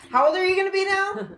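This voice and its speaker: A woman's voice: very high voice, a bit bright. A woman co-hosting a casual podcast chat, giggly and teasing. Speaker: podcast co-host. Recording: roomy echo.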